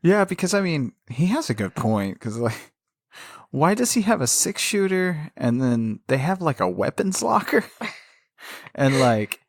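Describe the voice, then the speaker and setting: A man's voice: fairly high pitch, big pitch swings, unhurried, no room sound, studio quality. A man co-hosting a casual podcast, chatting about a film, laughing often and rambling through trivia. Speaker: podcast co-host. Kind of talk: casual film discussion chat.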